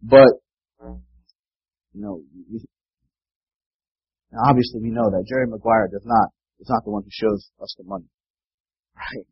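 Man, preacher, sermon, husky, earnest, dull dry lo-fi recording. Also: lowish voice, steady tone, unhurried, pauses often, no echo. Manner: earnest, repeats words, asks "right?".

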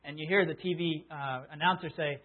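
A man's voice: a little high, steady tone, brisk. A man preaching an Easter sermon as pastor, talking casually and retelling a story with little acted-out bits. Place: church. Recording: phone-like lo-fi sound.

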